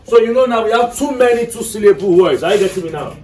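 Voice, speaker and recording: High-voiced male teacher in an echoey classroom. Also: lively intonation, quick pace, a little mellow. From Nigeria. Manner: checks in often with his students. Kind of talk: classroom English lesson. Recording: echoey room, mic far off.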